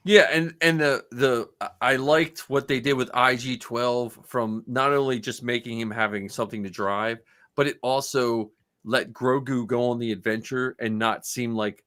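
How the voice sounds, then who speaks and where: A man with a bright, clear-edged voice chatting loosely on a fan podcast. He rambles and laughs easily, keeping the talk relaxed and friendly. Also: mid-range voice, moderate pace. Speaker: podcast co-host. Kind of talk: casual panel chat.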